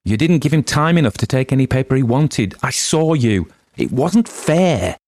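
A man with a deep voice reading a story aloud, raising his pitch to play a desperate village wife who protests loudly. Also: expressive, normal speed, no room sound, studio quality. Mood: indignant. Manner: shrill, pleading and indignant.

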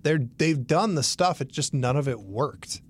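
A man's voice: a little high, lively intonation, a little slow. Man co-hosting a casual tech podcast. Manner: explanatory, loose, with fillers and restarts. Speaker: podcast co-host.

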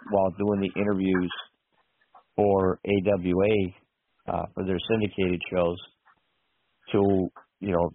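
A man's voice: fairly low pitch, no room sound. A male radio host in casual call-in chat who tells rambling stories full of asides. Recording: tinny phone line.

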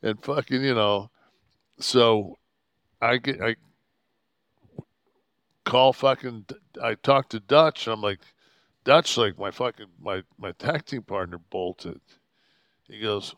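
A man's voice: on the low side, takes it slowly, pauses often, no echo, clean studio sound. A man in his sixties, a podcast host, telling a rambling, profane road story and acting out the people in it. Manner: profane, rambling, animated quoting of others. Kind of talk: casual storytelling.

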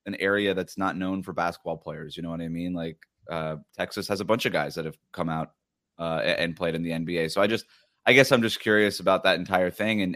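A man with a low voice hosting a sports podcast. He talks in a chatty, casual way, with plenty of fillers and restarts, and now and then reads quotes aloud. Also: a bit bright. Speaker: podcast host.

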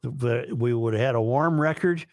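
A man hosting a casual radio talk show, with wry deadpan humor and grumbling asides. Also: mid-range voice, moderate pace. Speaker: main host.

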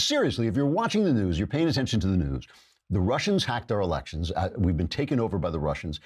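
A sarcastic man talks through a political commentary monologue as podcast host. His voice is low and slightly husky, and his pitch swings widely as he mocks and jokes. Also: sing-song, fast, darkish tone. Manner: sarcastic, mocking.

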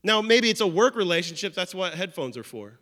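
A man preaching a sermon as pastor, conversational and animated with playful asides. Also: sits high, a little fast. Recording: long reverb of a large hall.

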